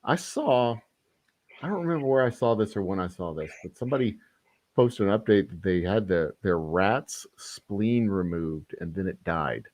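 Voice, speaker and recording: A man chats casually as a podcast host, his voice sitting a little low. He rambles, jokes and corrects himself as he goes. The sound is dry and close, with no room echo. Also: animated, moderate pace, a little mellow. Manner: rambling, self-correcting, joking. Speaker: podcast host and whiskey maker.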